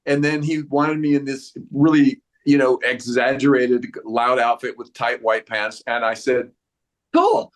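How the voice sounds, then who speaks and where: A man in his sixties talks through a press interview in a mid-pitched voice. He rambles and restarts his sentences, and he slips into quoted voices as he tells a story. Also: little pitch movement, unhurried, hardly any pauses. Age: 60s. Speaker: actor guest.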